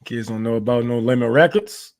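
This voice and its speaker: This Detroit man hosts a casual political livestream, loose and profane, cracking jokes and slipping into mocking put-on voices for sarcastic asides. His mid-range voice moves briskly and carries a slightly mellow quality.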